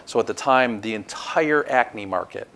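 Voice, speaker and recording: A man's voice: mid-range voice, moderate pace, a bit bright, a little hiss or hum. A man interviewing a guest, explaining lessons to an audience in a teacherly way. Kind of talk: interview questions and commentary.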